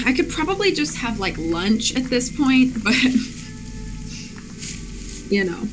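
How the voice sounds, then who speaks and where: A woman's voice: a little high, sing-song, takes it slowly, music in the background, rough recording. A woman co-hosting a gaming stream, chatting in a giggly, rambling way and explaining the game. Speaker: co-host guiding the game. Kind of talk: casual gaming chat.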